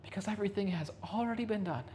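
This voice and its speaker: A woman pastor delivering a Sunday sermon in a rehearsal hall, repeating phrases and slowing down to stress key lines. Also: mid-range voice, mellow, a little hiss or hum. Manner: emphatic repetition, slowing for stress.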